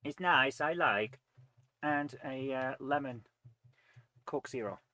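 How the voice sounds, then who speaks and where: A man's voice: medium pitch, slow, sharp tone, dry recording. A man chatting casually on a live game stream, rambling, reading viewer comments aloud and eating between remarks. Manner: rambling, reads chat aloud, eats while talking.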